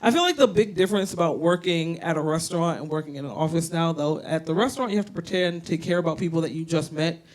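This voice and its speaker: Working a handheld mic on a little bar stage indoors, a woman comic delivers a brash, foul-mouthed set built on stories. She talks fast in a low, slightly mellow voice.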